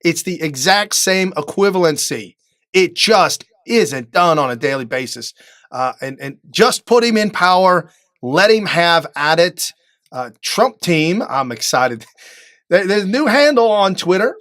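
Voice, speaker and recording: A man's voice: high voice, big pitch swings, unhurried, fairly bright tone, no echo, studio quality. A man hosting a live political talk show, talking emphatically with many fillers and restarts.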